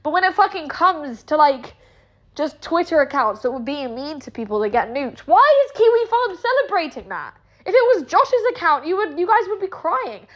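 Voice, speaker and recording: High-voiced British woman ranting angrily. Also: very animated, moderate pace, lo-fi sound. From Britain. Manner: heated, sarcastic, heavy swearing. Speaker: online personality. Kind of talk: angry streamed rant.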